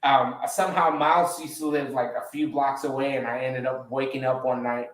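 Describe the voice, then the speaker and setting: A man hosting a podcast, chatting casually and telling rambling, profane stories, with lively quotes of other people. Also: medium pitch, moderate pace, roomy sound, rough recording. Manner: animated when quoting others. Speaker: podcast host. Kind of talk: casual chat.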